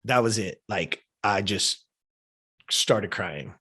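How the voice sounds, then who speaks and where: A man's voice: fairly low pitch, takes it slowly, bright, forceful tone, slightly rough. A man of fifty, a podcast guest, telling a personal story in a heartfelt, casual way, often checking in with "right?" and "you know?". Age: 50s.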